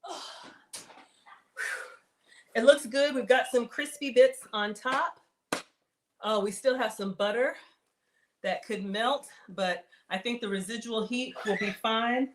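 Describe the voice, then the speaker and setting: A woman's voice: a little high, measured pace, a little hiss or hum. Chatty woman hosting a live cooking stream. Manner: chatty, reads chat aloud, laughs often. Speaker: livestream cooking host.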